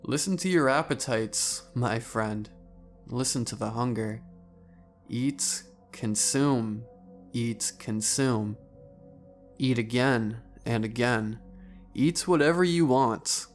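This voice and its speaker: A man voicing a huge gluttonous man who preaches endless hunger in a hushed, wheezing, fervent voice. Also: mid-range voice, takes it slowly, soft background music, close to an everyday voice. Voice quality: wheezing, snarling.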